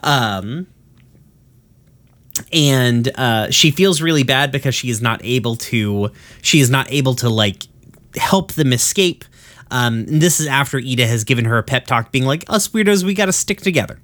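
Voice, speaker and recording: A man's voice: mid-range voice, unhurried, fairly bright tone. A man co-hosting a podcast, casually recapping an episode in a rambling, profane way full of fillers. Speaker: podcast co-host.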